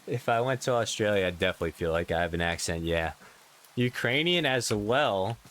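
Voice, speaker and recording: A man's voice: on the low side, animated, fairly quick, a bit bright. A young man, a gaming video maker, chatting casually and reacting aloud to his viewers. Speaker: Minecraft YouTuber.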